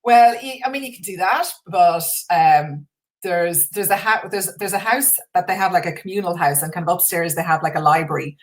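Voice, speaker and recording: A woman's voice: fairly low pitch, normal speed. An Irish woman chatting casually as a guest on a live stream, enthusiastic and full of restarts. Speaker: guest artist.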